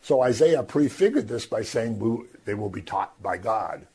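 A man teaching from the Bible in a lively, conversational way, acting out the crowd's voices. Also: lowish voice, moderate pace, breathy edge. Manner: animated, acts out voices of the crowd. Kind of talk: scripture teaching.

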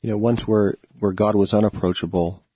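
A man co-hosting a Christian radio show, mostly agreeing briefly and adding his own quiet reflections. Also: on the low side, fairly even intonation, a little fast, breathy edge, no echo. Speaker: radio co-host. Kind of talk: casual chat.

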